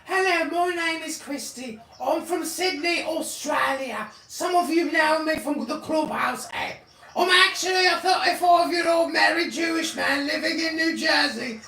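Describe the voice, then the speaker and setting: A man voicing a shouty, overwrought fake Australian woman in a parody skit. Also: extremely high pitch, far from the mic, exaggerated voice. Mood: sugary. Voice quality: shouty, whiny. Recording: roomy echo, off-mic.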